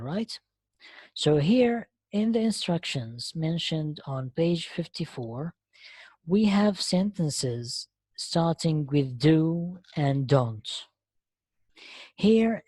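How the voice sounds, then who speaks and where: A woman with a deep, mellow voice teaches a live online English lesson, explaining slowly and patiently and frequently asking whether students follow. The sound comes through an online lesson connection, with no room sound.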